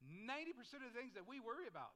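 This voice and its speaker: A middle-aged pastor delivers a sermon in a loose, chatty way, full of asides and prompts for the congregation to answer. His voice sits high for a man and rings bright and forceful. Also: very animated, rapid-fire. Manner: conversational preaching with frequent "like" and call-and-response.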